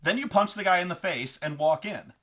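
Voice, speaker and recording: Brash, bright-voiced man ranting about role-playing. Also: high voice, slight background noise. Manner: rambling and profane, acting out quick character voices. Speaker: host of a tabletop gaming advice show. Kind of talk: casual monologue on tabletop role-playing.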